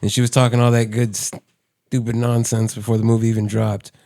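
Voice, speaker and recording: A man's voice: mid-range voice, little pitch movement, fairly quick, dark tone. A young man on a podcast panel, talking casually, with a blunt, slangy manner. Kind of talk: casual chat.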